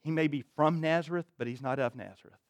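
A man's voice: quick pace, no echo. Emphatic man preaching a sermon. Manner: emphatic preaching, dropping low and quiet for stress; reads scripture aloud and comments conversationally. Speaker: pastor.

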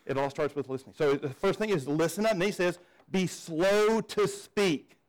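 A man's voice: on the high side, animated, rapid-fire, a little mellow, low-quality recording. A man preaching a sermon as pastor, conversational, often repeating words as he starts a sentence and asking the congregation questions. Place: church.

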